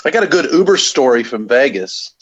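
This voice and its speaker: A man's voice: medium pitch, very animated, a little fast, slightly rough, lo-fi sound. A man on a casual video chat telling a story with animation and acting out the quotes. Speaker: guest. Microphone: video call.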